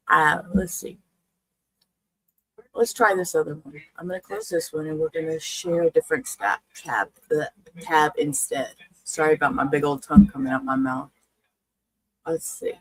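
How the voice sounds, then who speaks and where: Hosting a livestream where she reacts to body cam footage, a woman vents chattily about her stream breaking down, cursing and laughing. Her voice is fairly low, creaky and husky, captured in a dry, poor-quality recording.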